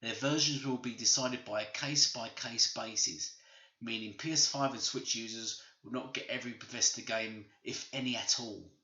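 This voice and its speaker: Ranting man, bright voice. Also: medium pitch, steady tone, moderate pace. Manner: ranting, repetitive, emphatic. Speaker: gaming channel host. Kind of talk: opinionated video commentary. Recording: roomy, slightly dull home recording.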